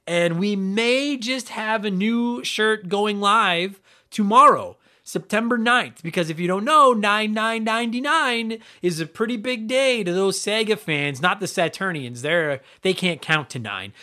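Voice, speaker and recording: High bright-voiced energetic podcast host. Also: male voice. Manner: energetic, swearing, joking asides. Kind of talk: casual profane podcast chat.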